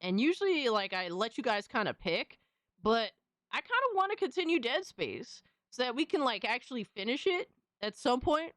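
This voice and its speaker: A woman's voice: fairly high pitch, big pitch swings, moderate pace, fairly bright tone, no room sound. A young adult woman hosting a live stream in casual chat. She swears freely and coos at her cat.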